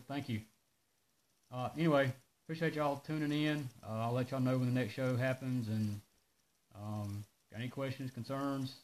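A man talks casually on a live stream, launching into animated rants in his mid-range voice. His delivery is loose and drawling, with a faint hiss underneath the recording. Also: mid-range voice, rough recording. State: out of breath. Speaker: host of a live parts-shop video.

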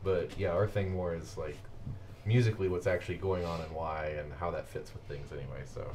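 A man's voice: low-pitched, fairly even intonation, brisk, a little mellow, a little hiss or hum. A man reviewing soundtrack music with friends, in a rambling, casual way that trails off and restarts. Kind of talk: casual group chat.

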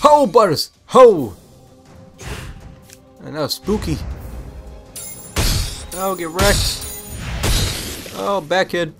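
A young man giving casual let's-play commentary, full of excited, puzzled exclamations. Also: sits high, very slow, gravelly, long pauses. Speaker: gameplay commentator. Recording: game music under voice.

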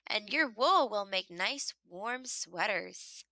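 A woman reading aloud, voicing a gentle farmer's wife who soothes her lambs in a reassuring way. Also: medium pitch, animated, slow pace, no room sound, exaggerated voice. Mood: soothing.

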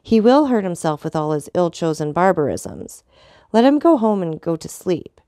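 Icy, unshakable count in a storybook reading, calm and ironic, crisp dry sound; a woman reads him. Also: lowish voice, normal speed, no echo. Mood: cool, disdainful. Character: cold, proud, unshakable male count.

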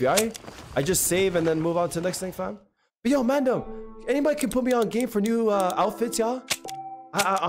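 A hoarse young man streaming a game live, chatting excitably and slangily with his viewers. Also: high voice. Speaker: gaming streamer. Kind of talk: live gameplay commentary. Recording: noisy stream audio with clicks.

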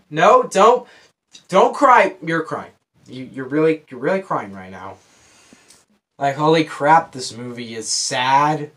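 A young man reviewing a movie in a casual, rambling way, with many fillers, talking straight to the camera. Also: mid-range voice.

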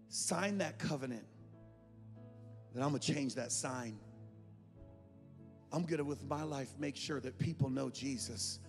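A man preaching an altar call to a congregation, fervent and rising to shouts, recorded live in a church. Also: mid-range voice, a little slow, pauses often. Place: large church sanctuary. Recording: live in a reverberant church with music.

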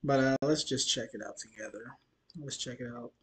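A tired man hosting a reaction video, talking casually in a rambling, self-deprecating, halting way from a dim room at night. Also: mid-range voice, fairly even intonation, a bit bright, breathy edge.

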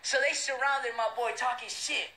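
A middle-aged man, telling a street story as a show host, loud and profane, putting on the voices of the people in it. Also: very high-pitched, steady tone, moderate pace. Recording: roomy echo.

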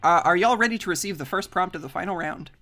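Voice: mid-range voice, quick pace, sharp tone. A laid-back host running an improv comedy game, chuckling and using lots of fillers. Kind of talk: hosting an improv game stream.

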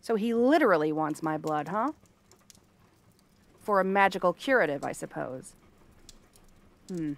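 A woman's voice: on the low side, expressive, slow pace, creaky, pauses often, full character voice. A woman voicing a cranky, bratty cursed frog-girl princess in an ASMR role-play, talking in a dry, sarcastic, probing way. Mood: wary, probing.

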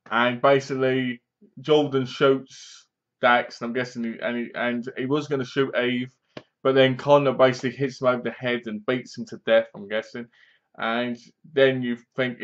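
A man's voice: medium pitch, a bit bright, lo-fi sound. A young man chattily retelling a film's plot in a casual review, leaning on fillers like "basically". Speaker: film reviewer. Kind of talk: casual spoken movie review.

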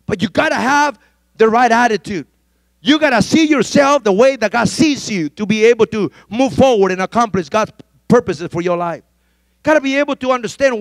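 High-voiced fervent male preacher. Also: no echo. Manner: fervent, emphatic preaching with repeated exhortations; rises to shouted pleas. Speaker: pastor. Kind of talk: sermon.

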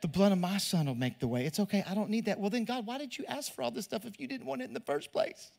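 High-voiced preaching man with a drawl. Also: quick pace, creaky, darkish tone. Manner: conversational, repeats words, asks the crowd questions. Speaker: pastor. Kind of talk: preaching sermon.

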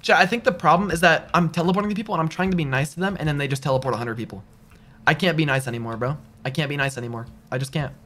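A man's voice: fairly high pitch, very fast, bright, forceful tone. A young man live-streaming a video game, talking to chat in a slangy way and repeating himself when frustrated.

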